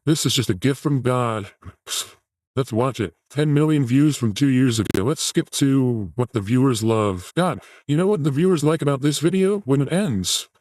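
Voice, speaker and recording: A man hosting a comedy show, reacting to news and clips with deadpan, profane sarcasm. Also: medium pitch, normal speed, no room sound, poor audio. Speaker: show host.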